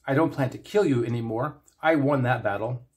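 A man's voice: medium pitch, fairly quick, a little mellow, lightly acted. A man voicing Trelane, a flamboyant and childish godlike male aristocrat, in a theatrical, sing-song and haughty manner, in a fan story reading. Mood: gleeful.

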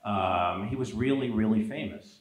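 A man, an author, in conversational talk at a public event, telling stories with lively quoted asides. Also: fairly low pitch, normal speed, echoey room, low-quality recording. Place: event hall.

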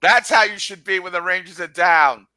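A man's voice: high voice, normal speed, pushed and bright, a little hiss or hum. A man co-hosting a casual podcast chat, teasing and probing his friends with jokes. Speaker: podcast co-host.

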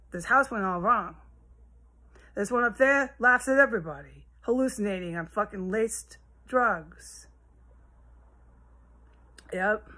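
A woman's voice: mid-range voice, bright, forceful tone. A woman vlogging from her house in a rambling, agitated monologue, swearing often and jumping between topics. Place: at home in a house.

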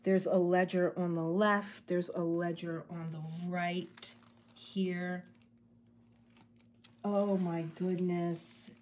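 A woman hosting a casual unboxing vlog at home, gushing and softly exclaiming as she talks into a phone on a tripod. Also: lowish voice, flat delivery, slow pace, highs cut off. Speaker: crafting channel host.

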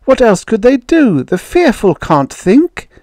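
A man voicing a furious, grieving woman who screams and shouts at alien visitors in a storybook reading. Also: big pitch swings, a little slow, no room sound. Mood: furious, anguished. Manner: raised pitch, screaming and shouting.

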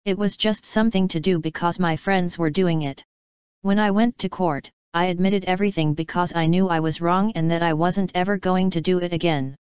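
A woman's voice: on the low side, fairly even intonation, moderate pace, darkish tone, smooth, no echo, close to an everyday voice. A woman voicing a teenage girl who talks in an earnest, pleading way. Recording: dull dry audiobook recording.

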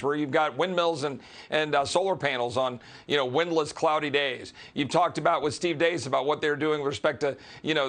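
A combative man from Texas speaks as a congressman on a political interview show, with a voice pitched a little higher than most men's. He piles up rhetorical questions and hits each point hard, his tone emphatic and fired up. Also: fairly bright tone. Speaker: congressman and guest.

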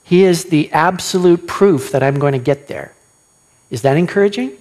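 A man preaching a sermon as pastor, animated and questioning his listeners, acting out quoted lines. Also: a little high, moderate pace.

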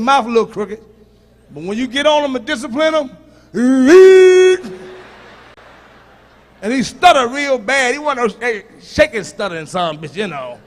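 A male stand-up comedian performing a profane set, teasing the audience and shouting punchlines at them. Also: very high-pitched.

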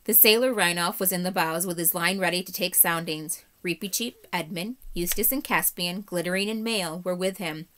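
A woman, a third-grade teacher, reading a chapter book aloud in a steady, measured way. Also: lowish voice.

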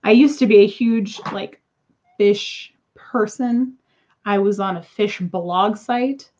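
A woman's voice: medium pitch, slow, warm tone, muffled recording. A woman in her thirties chatting casually to viewers while unboxing crystals, exasperated and talkative. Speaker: crystal seller.

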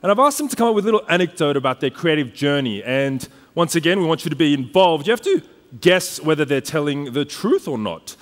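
A man's voice: fairly high pitch, big pitch swings, brisk. An Australian man hosting a live launch event, playful and upbeat as he drives the audience along. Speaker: event host. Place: large conference hall. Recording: reverberant conference hall.

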